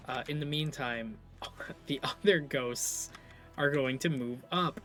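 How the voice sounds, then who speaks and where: A man's voice: on the high side, pushed and bright. A man narrating as game master of a live tabletop game, loose and full of fillers.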